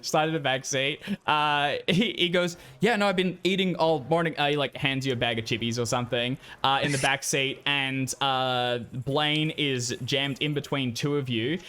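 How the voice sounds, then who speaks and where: A man's voice: medium pitch, fairly even intonation, normal speed, few pauses, bright, forceful tone, clear, resonant tone. A man narrating a tabletop role-playing game as game master, in a loose, rambling way with many fillers.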